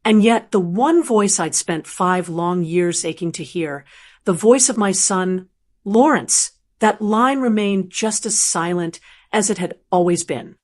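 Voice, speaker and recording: A woman narrating a scripted first-person story in a gentle, earnest storytelling manner. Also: medium pitch, animated, a little slow.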